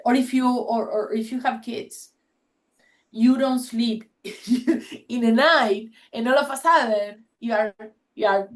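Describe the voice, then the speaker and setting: A woman's voice: fairly high pitch, poor audio. Talkative woman, Spanish her first tongue. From Spanish-speaking country. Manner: animated storytelling with many restarts. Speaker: panel speaker. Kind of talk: casual panel talk.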